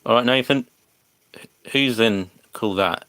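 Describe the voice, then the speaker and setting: A man's voice: medium pitch, measured pace, sharp tone, clean tone, no room sound. An English man chatting casually to viewers on a livestream, hesitant and full of fillers and restarts. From England.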